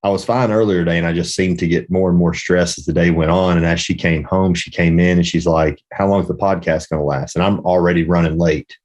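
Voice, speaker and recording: A man with a very low voice talks casually as a podcast host. He tells a personal story in a rambling, reflective way, restarting sentences as he thinks aloud. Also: steady tone, a little fast, few pauses, darkish tone.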